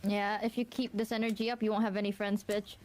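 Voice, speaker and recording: A woman's voice: medium pitch, little pitch movement, fast, slight background noise, low-quality recording. A woman streaming live, brash and playful, swearing freely in casual banter.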